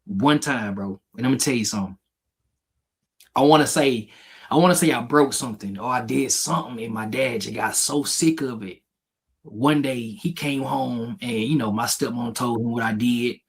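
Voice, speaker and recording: A husky, slightly breathy man co-hosting a podcast, telling stories about growing up in a frank, profane, animated way. His pitch is mid-range, and he talks in a loose, conversational manner. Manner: candid storytelling, profane, animated. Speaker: podcast co-host. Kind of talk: casual chat.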